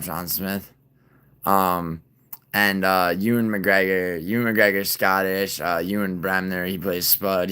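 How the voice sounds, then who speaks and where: Deep-voiced rambling livestreamer man. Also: clean tone. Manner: rambling, profane, swings from mumbling to loud insistence. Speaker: livestream host. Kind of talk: casual livestream chat with viewers.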